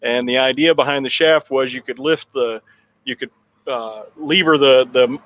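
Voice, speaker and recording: A man in a town hall conversation telling a long personal story in a relaxed, rambling way with frequent restarts. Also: medium pitch, moderate pace. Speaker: political candidate guest.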